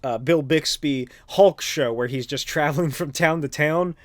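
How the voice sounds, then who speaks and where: A man's voice: a little high, moderate pace, no echo, clean studio sound. A man hosting a podcast, recapping a comic in a rambling, casual way with lots of swearing and filler words. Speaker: podcast host.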